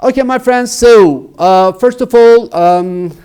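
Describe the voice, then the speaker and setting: A man's voice: extremely high pitch, slow pace, dark tone, clear, resonant tone. Emphatic Turkish-accented male teacher. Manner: emphatic, repeats words for students. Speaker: English teacher. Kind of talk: grammar lesson.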